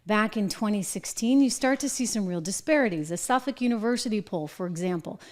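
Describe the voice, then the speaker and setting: A middle-aged woman hosting a political commentary show, talking in an animated, sarcastic way with mocking asides. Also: mid-range voice, fairly quick.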